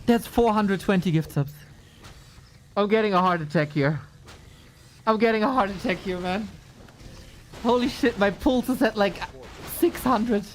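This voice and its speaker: A man casting a live esports stream, excitable and exclamatory, swearing freely. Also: sits high, measured pace, long pauses, a little hiss or hum. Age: adult, long-time caster. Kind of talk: live stream game commentary.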